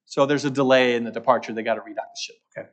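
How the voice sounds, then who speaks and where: Speaking very fast at a medium pitch with fairly even intonation, a man delivers a luncheon talk as a guest market strategist. He repeats his main points and keeps checking in with the audience by asking "okay?"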